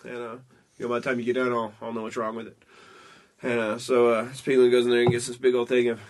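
A man's voice: medium pitch, completely flat delivery, fast talker, background noise. Laid-back swearing man trading jokes. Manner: swears often, laughs between lines. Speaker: podcast co-host. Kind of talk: casual joke-telling chat.

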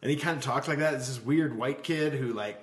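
A man's voice: mid-range voice, fairly quick, roomy sound. A man in casual podcast chat, talking loosely with lots of fillers and trailing thoughts. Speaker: podcast co-host.

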